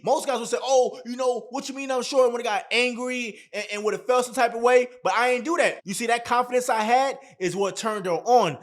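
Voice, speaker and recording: A man's voice: high voice, fairly bright tone. A young man giving relationship and confidence advice as a vlogger, emphatic and repetitive with heavy slang. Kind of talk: motivational advice talk to camera.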